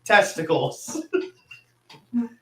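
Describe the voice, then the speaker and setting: A man co-hosting a casual movie podcast, excitable and rambling, laughing a lot, recorded in an echoey room away from the mic. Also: high voice, extremely slow, far from the mic, slight background noise. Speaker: podcast co-host.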